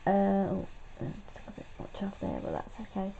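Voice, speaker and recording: A woman's voice: medium pitch, very animated, moderate pace, creaky. A tired woman chatting and mumbling as she paints in a casual crafting tutorial. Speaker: craft vlogger. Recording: tinny phone-like sound, faint noise.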